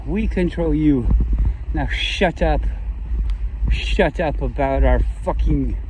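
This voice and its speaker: A man's voice: high-pitched, unhurried, voice pushed up. A man voicing a contemptuous male official who scolds the public in a mocking, haughty voice. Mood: scornful. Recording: outdoor noise behind the voice.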